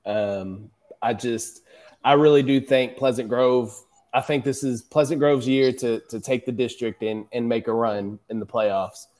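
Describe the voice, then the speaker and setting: A man's voice: mid-range voice, steady tone, measured pace, darkish tone. A man co-hosting a casual sports chat, confident and teasing as he makes his picks. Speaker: podcast co-host.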